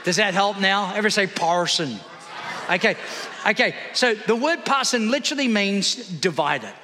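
A man's voice: high voice, lively intonation, normal speed, pushed and bright, slight background noise. A man preaching a sermon in church, calling out to the congregation for responses. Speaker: pastor. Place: church hall. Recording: long hall reverb.

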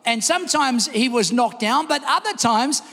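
A man preaching a sermon, telling a story with energy and shouting the quoted lines. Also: very high-pitched, lively intonation, moderate pace, vocal fry. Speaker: pastor. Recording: long hall reverb.

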